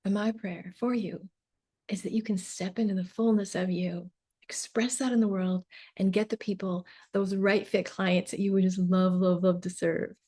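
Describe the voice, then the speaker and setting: A woman business mentor talks straight to her viewers in a loose, chatty way, peppering her speech with asides and quick questions. Her voice sits at an ordinary middle pitch and sounds slightly worn from a long session of talking. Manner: animated, chatty, lots of "like" and "right?". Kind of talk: casual talk to camera.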